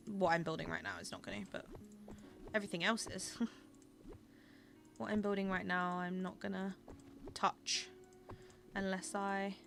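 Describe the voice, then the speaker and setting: A woman's voice: mid-range voice, vocal fry, fairly bright tone. A young woman chatting casually with her viewers while she plays and streams a game, gushing over small things.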